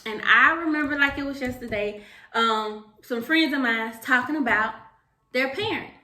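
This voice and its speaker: A woman's voice: sits high, normal speed, bright, forceful tone. A woman, telling stories animatedly in casual chat and often laughing. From Alabama, US. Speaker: co-host. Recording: roomy echo.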